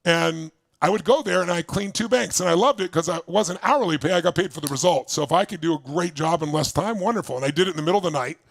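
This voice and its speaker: A Southern California man gives an intense motivational talk to a live crowd, telling his own story. His voice sits on the high side and is creaky, and he speaks fast with few pauses in a dry recording.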